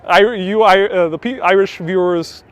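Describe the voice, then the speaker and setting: A man's voice: high voice, moderate pace, smooth. A man hosting a casual live-stream walking tour outdoors on city streets, chatting away and reading out viewer comments with frequent laughs. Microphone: wireless clip-on mic with phone on gimbal.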